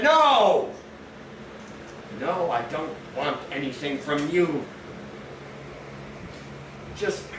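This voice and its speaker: A man playing Faust, brooding and volatile. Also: a little high. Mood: pleading, weary. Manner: swings from hushed brooding to shouting outbursts. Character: weary, volatile male scholar, driven and bitter. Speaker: stage actor. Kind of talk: live theatrical monologue. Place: small live performance venue. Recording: roomy, distant mic, ambient noise.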